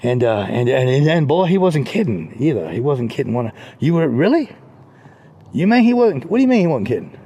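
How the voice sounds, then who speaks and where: A man's voice: medium pitch, big pitch swings, fairly quick, dark tone, husky, highs cut off. A man telling a rambling comic story, full of restarts and repeated words.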